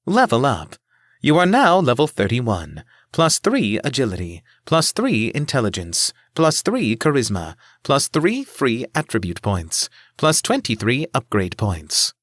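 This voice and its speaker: A man doing a flat game-system announcer. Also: mid-range voice, a little slow, dry recording, studio quality, pitched above the performer's own voice, exaggerated voice. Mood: announcing.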